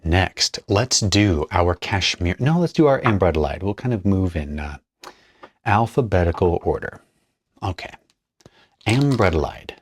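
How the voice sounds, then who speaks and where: This low, husky male voice is expressive and a little slow, captured in a dry recording. He's a perfumer narrating a casual tutorial, chatting and thinking aloud as he mixes materials for a blend.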